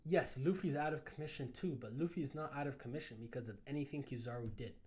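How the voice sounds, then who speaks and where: A young man hosting a live comic readthrough, reacting in casual, excited chat. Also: medium pitch, quick pace, slight background noise. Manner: casual, excited, says bro. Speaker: reaction video host.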